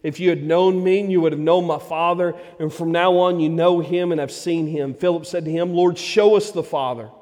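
Male pastor, high-pitched, preaching in a church hall with long reverb; emphatic and then hushed by turns. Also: fairly even intonation, moderate pace, hardly any pauses. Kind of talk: sermon. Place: church sanctuary.

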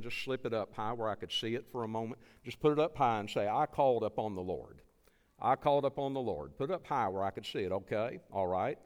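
A man preaching as a visiting evangelist, giving an earnest altar call and repeating his pleas. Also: medium pitch. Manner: earnest, pleading, repeats phrases. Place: church sanctuary. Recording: long church hall reverb.

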